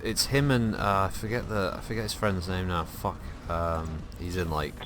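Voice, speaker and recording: A man's voice: sits low, steady tone, normal speed, background noise. A man streaming a strategy game, rambling casually between turns with plenty of fillers and casual swearing. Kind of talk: casual gameplay commentary.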